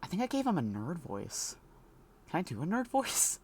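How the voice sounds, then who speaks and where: A man's voice: high-pitched, huge pitch swings, moderate pace, husky. Playful man streaming a game. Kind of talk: let's play commentary.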